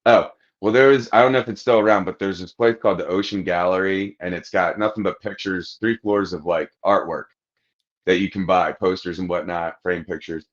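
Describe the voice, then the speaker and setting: A man's voice: deep voice, fairly even intonation, brisk. A man on a podcast telling a rambling, crude anecdote in casual chat, acting out the lines of the people in it. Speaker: podcast host. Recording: dull lo-fi podcast audio.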